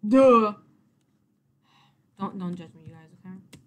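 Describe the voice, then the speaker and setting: A woman's voice: medium pitch, normal speed, slight background noise. Exasperated young woman narrating her gameplay. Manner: exasperated, rambling, mock-cursing at the game. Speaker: let's play gamer. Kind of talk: casual gameplay commentary.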